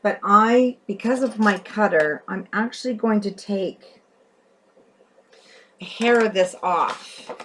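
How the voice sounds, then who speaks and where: A woman's voice: mid-range voice, slow, pauses often, a bit bright, slight background noise. A woman hosting a craft tutorial, chatting as she works and often correcting herself. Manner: chatty, thinking aloud while working, often self-correcting.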